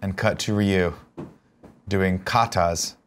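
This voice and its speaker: A young adult man co-hosting a casual movie watch-along, jokey and animated, often slipping into put-on voices. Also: sits low, slow, a little hiss or hum. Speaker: co-host.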